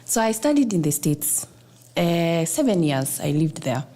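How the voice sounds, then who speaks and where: A woman from Africa telling a personal story with animated emphasis in a casual panel discussion. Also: on the low side, measured pace.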